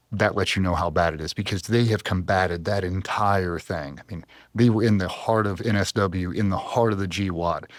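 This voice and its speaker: A man's voice: low-pitched, no echo, studio quality. Intense man telling his story. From US East Coast. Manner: intense, heartfelt, emotional. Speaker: podcast guest, former Navy SEAL. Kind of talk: earnest personal storytelling.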